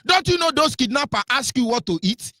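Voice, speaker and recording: Nigerian guy ranting on radio, high voice all over the place, mocking, dry close sound. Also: lively intonation, fairly quick, pushed and bright, no room sound. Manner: fiery, mocking, mimics voices. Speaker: radio commentator. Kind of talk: impassioned political commentary.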